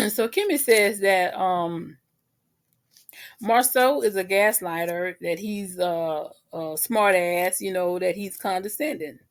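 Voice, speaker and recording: A woman's voice: medium pitch, takes it slowly. A woman, casually recapping a reality show for her viewers in a chatty, sassy way.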